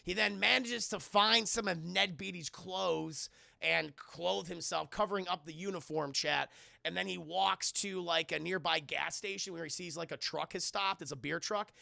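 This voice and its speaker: A man giving a casual spoiler review of a film to his live stream chat, talking in an animated, profane way and laughing often. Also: sits high, normal speed, creaky, dry recording.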